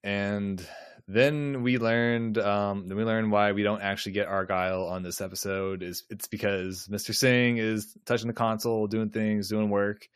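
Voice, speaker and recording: Rambling low-voiced man podcast co-host. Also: fairly even intonation, moderate pace, clean tone, no room sound, clean studio sound. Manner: rambling, full of "like" and restarts, trails off quietly. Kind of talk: casual chat recapping a TV episode.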